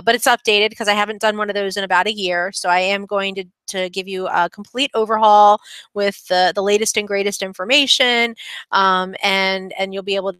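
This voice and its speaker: A woman's voice: mid-range voice, pushed and bright, clear, resonant tone, dry recording. A woman hosting her own channel, giving a casual, chatty update with lots of fillers and restarts. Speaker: web design channel host. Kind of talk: casual screen-share update.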